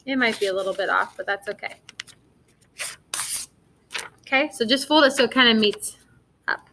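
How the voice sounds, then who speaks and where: A young woman teacher giving a recorded reading lesson to first graders, slow and encouraging, stretching words out for small children. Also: fairly high pitch, bright, forceful tone, slight background noise, rough recording.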